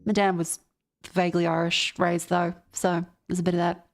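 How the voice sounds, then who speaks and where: A woman's voice: lowish voice, little pitch movement, moderate pace, faint music behind. A young Australian woman chatting casually on a stream, telling a rambling, sweary road-trip story and reading out chat.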